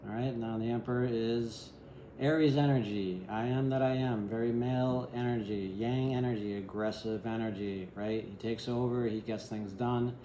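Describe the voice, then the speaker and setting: A man talks through a tarot spread in loose, meandering sentences, checking in with "right?" as he goes. His voice is mellow and relaxed, with wry, self-deprecating asides. The recording sounds roomy, with an echo around him. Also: medium pitch, normal speed, slight background noise. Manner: rambling, keeps asking "right?". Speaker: tarot reader. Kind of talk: casual tarot reading. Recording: echoey room.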